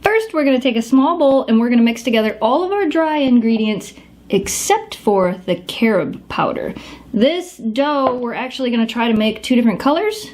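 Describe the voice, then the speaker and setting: A chatty woman talks through a casual home cooking vlog. Her voice sits fairly high and swings widely in pitch. She leans on words for emphasis and keeps an upbeat, friendly pace. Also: very animated, normal speed, a little mellow, slight background noise. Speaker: host of a dog treat channel.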